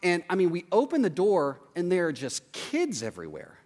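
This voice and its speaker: A man with a high voice tells a funny story and acts out the people in it. He sounds animated throughout. His voice carries a long reverb, like a large hall. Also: moderate pace. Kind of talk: comedic anecdote.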